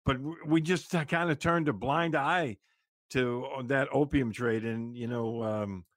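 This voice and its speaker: A male talk radio host interviews his guest in a loose, conversational way, with plenty of fillers. His voice sits at a middle pitch, and it is recorded dry and close in the studio. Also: fairly even intonation, a little slow, fairly bright tone, no room sound.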